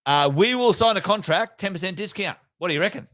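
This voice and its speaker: Blunt, sweary Australian man with a higher voice. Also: animated, fast talker, fairly bright tone, no room sound. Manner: blunt, sweary, mocking impressions of officials. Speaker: podcast co-host. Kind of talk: casual banter on finance.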